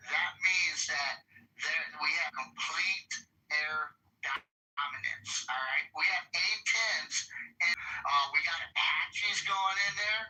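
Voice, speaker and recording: A man in an online political chat, explaining in a slow casual way and swearing as he goes. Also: on the high side, pushed and bright. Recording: distant mic with faint noise.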